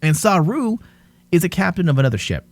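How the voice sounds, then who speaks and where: A man's voice: high-pitched, big pitch swings, brisk, darkish tone. A man co-hosting a casual TV review podcast, ranting in exasperation and swearing now and then. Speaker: podcast co-host.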